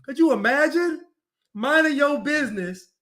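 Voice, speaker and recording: A commentator with a very high-pitched, animated, slightly bright male voice delivers a monologue at normal speed. He preaches and mocks, repeating phrases for emphasis and acting out other people's lines.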